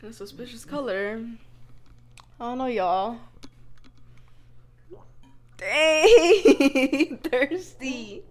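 A young woman in her twenties co-hosting a podcast in casual chat, giggly and animated, swearing now and then. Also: high voice, very slow, long pauses. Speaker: podcast co-host.

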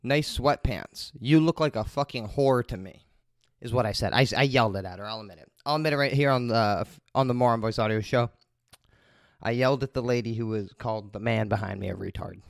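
A man's voice: on the low side, quick pace, gravelly, dry recording, clean studio sound. A man hosting his own podcast, telling a rambling story in a casual, heavily profane monologue. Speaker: podcast host.

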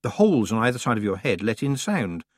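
A man narrating an audiobook in an expressive, playful storytelling manner. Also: medium pitch, fast talker, dry recording, clean studio sound.

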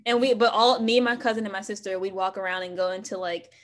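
A woman's voice: mid-range voice, fairly even intonation, fast. A woman with a Southern American accent hosting a casual podcast chat, laughing often and exclaiming as she talks. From southern United States. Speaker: podcast host.

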